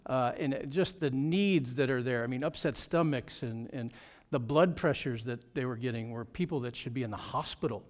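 A middle-aged man, a pastor, giving a lively report on a mission trip to his church. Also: medium pitch, normal speed. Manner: animated storytelling with frequent laughs.

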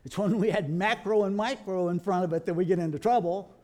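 Folksy man preaching, higher voice. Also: fairly quick. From Kentucky. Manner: animated storytelling, calls listeners folks. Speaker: creationist speaker. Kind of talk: folksy preaching to a live audience.

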